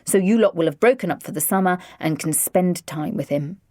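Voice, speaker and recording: A woman's voice: fairly low pitch, brisk, dark tone, dry recording, clean studio sound, natural voice. Woman doing a clipped, stern father. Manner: clipped, firm. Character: exasperated, stern middle-aged father.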